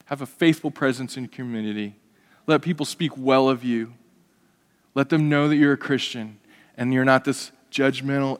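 Man preaching a sermon in an echoing hall. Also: mid-range voice. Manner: conversational, animated preaching with asides and humor. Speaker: pastor.

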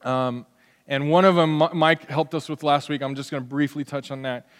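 A man's voice: on the high side, normal speed, clear, resonant tone. A man in his forties preaching a sermon in a church, talking in a loose, conversational way and acting out small everyday scenes to make his point. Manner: conversational, animated, acts out little scenes. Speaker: pastor. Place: church sanctuary. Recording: long hall reverb.

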